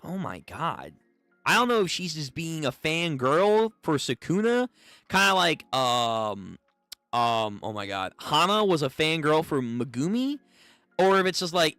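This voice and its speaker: A man gives casual reaction commentary while reading manga, his voice slightly high and bright, swinging widely in pitch. He talks at a slow, easy pace, swears freely and stumbles into restarts. The sound is dry and close, with faint music underneath. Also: no room sound. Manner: animated, profane, stammering restarts.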